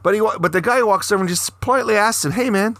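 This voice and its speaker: A man's voice: high voice, racing, fairly bright tone, no room sound. A man co-hosting a casual news podcast, heatedly retelling a story with lots of swearing. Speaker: co-host.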